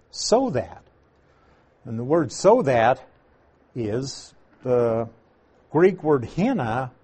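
A male Bible teacher working through a passage with measured, deliberate delivery. His voice is somewhat husky and sits at an ordinary middle pitch. He takes his time, pausing to stress each key word. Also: darkish tone.

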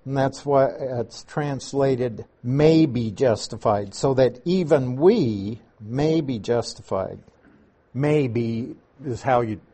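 Slow, husky-voiced male Bible teacher. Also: medium pitch, mellow. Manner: slow, deliberate, stresses key words.

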